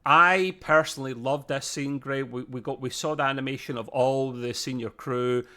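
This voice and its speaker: Man, casual podcast review, chatty, rambling, digressive, middle-pitched voice. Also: fairly even intonation, moderate pace, bright, forceful tone. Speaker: podcast co-host.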